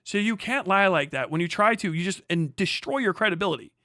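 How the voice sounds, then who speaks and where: High, bright-voiced man ranting angrily. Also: animated, brisk, no room sound, clean studio sound. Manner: angry, profane, sarcastic ranting. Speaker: streamer reacting to an article. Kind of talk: ranting live commentary.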